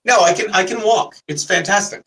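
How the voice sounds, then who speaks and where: A man's voice: high-pitched, fairly quick, fairly bright tone. A man co-hosting a casual livestream chat, telling a rambling story while he walks around a house on a phone call. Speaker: co-host of a livestream talk show. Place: walking around a house, indoors.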